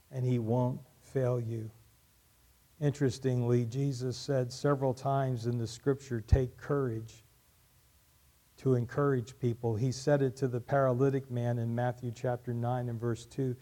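Pastor guy preaching, average pitch, gets loud and fervent then goes soft. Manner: builds to loud emphatic peaks while reading aloud; drops to quiet, soft closing lines. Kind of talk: sermon.

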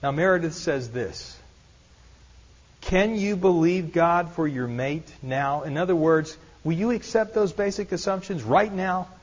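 A man's voice: a little high, expressive, unhurried, slightly rough. Earnest man preaching, lo-fi recording. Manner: earnest, repeats rhetorical questions, light self-deprecating humor. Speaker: pastor. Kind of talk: sermon. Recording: dull lo-fi sermon recording.

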